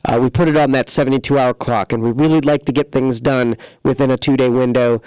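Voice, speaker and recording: A man's voice: mid-range voice, steady tone, fairly quick, darkish tone, clear, resonant tone, no echo, low-quality recording. A man hosting a local computer repair talk segment, chatting in a rambling, folksy way full of fillers and restarts. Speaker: computer repair shop host. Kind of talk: casual local radio-style talk show. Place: studio.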